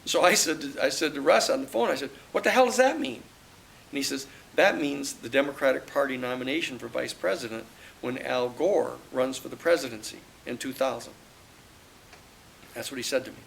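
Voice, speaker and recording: Raspy older man telling a story. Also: mid-range voice, fairly quick, slight background noise, rough recording. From United States. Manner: animated, acts out quoted dialogue. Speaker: lawyer and author presenting his book. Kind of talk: storytelling book talk. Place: live audience talk at a campus venue.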